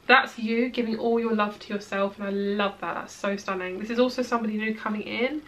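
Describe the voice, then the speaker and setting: A woman's voice: mid-range voice, fairly even intonation, brisk, few pauses, fairly bright tone. A young woman giving a casual tarot reading to her viewers, chatty and reassuring, with plenty of "like" and "um" fillers. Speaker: tarot reader.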